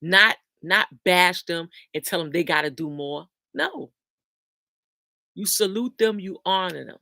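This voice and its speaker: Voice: mid-range voice, animated, unhurried, gravelly, bright, forceful tone, no room sound. A host reading out viewer comments and giving casual motivational talk with scripture, repeating key lines with emphasis.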